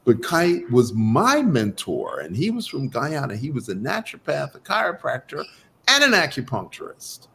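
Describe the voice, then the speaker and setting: A man's voice: medium pitch, moderate pace, vocal fry, slight background noise. A man, a guest doctor of Chinese medicine, telling his story in an interview and acting out the dialogue in it. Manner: animated, acts out quoted dialogue.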